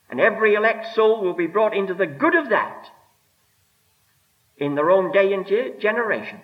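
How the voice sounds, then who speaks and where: A man preaching a sermon with emphatic delivery, rising and dropping, slowing right down to stress his words. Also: high-pitched. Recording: dull lo-fi sermon recording.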